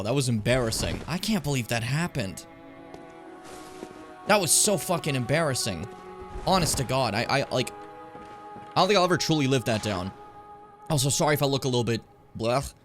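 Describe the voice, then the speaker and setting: A man's voice: a little high, fairly bright tone. A young man hosting his own gaming stream from home, chatting casually with swearing and self-mocking asides. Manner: rambling, self-mocking, frequent swearing and fillers.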